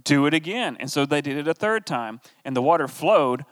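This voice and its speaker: A man's voice: a little high, animated, brisk. Wry man teaching scripture, echoing hall. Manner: reads the passage aloud, then breaks off with wry, joking asides. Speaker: Bible study teacher. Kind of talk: casual scripture teaching with asides. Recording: long reverb of a hall.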